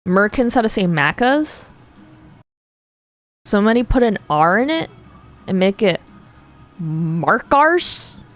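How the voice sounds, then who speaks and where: A woman's voice: medium pitch, lively intonation, measured pace, long pauses, soft background music. Playful, curious American woman streamer. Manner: curious, playful, laughs often. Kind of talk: casual chat with viewers while drawing.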